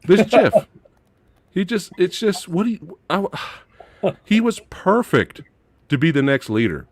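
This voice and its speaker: Animated man ranting about a movie. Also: sits high, measured pace. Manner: animated ranting, mocking impressions. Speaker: podcast co-host. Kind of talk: casual movie review chat.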